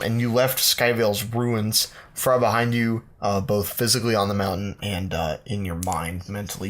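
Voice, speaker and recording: A man's voice: on the low side, fairly bright tone. A man co-hosting a podcast, narrating an improvised comic quest story in a meandering, playful way full of ums. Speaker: podcast co-host.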